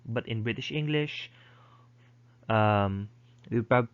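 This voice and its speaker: A male lecturer explaining pronunciation slowly, with frequent fillers and restarts, modeling sounds aloud. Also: medium pitch, fairly bright tone, muffled recording. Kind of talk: recorded online lecture.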